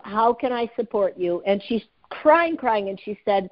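A woman in her fifties, a sales and speaking trainer, telling stories with lively energy and frequent laughter in an interview. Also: mid-range voice, measured pace. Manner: lively, laughs often, acts out dialogue. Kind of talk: animated storytelling in an interview. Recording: dull lo-fi audio.

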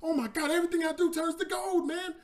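A man voicing a greedy, excitable male king who talks in slang and frantic exclamations. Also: very high voice, fairly quick.

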